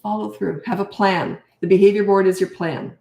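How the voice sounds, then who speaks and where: A woman's voice: medium pitch, fairly even intonation, normal speed, dark tone, dull audio. Blunt older woman parenting coach, echoey. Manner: blunt, emphatic, repeats key points. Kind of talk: casual Q&A, reading and answering viewer questions.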